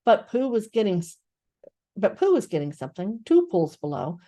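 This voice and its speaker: An older woman, a grandmother, reading a children's book aloud with expressive storytelling. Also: medium pitch, moderate pace.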